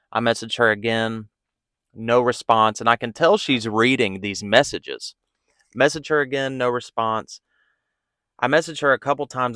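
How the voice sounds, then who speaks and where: A man's voice: mid-range voice, fairly bright tone, clear, resonant tone, no room sound, studio quality. A man who runs a pressure washing business telling a story in a candid, casual way, acting out the back-and-forth in his own voice. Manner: candid, conversational, acts out quoted dialogue.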